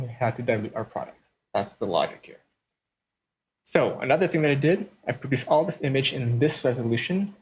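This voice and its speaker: A man hosts a let's-play with relaxed commentary, explaining each choice step by step. His voice sits at a middle pitch. A faint background hiss sits under his voice. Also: low-quality recording. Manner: explanatory, walks through design choices step by step. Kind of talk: casual game commentary.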